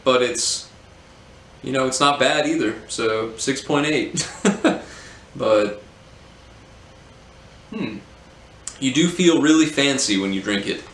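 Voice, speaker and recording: A man casually reviewing a beer, relaxed and hesitant with many ums. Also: mid-range voice. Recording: roomy echo, faint hum.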